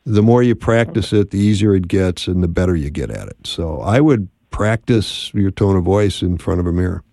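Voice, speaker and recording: Upbeat radio host, dry studio sound. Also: male voice, low voice, animated, moderate pace, creaky, dark tone, no echo. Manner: upbeat, encouraging, conversational. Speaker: radio call-in show host. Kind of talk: call-in radio advice.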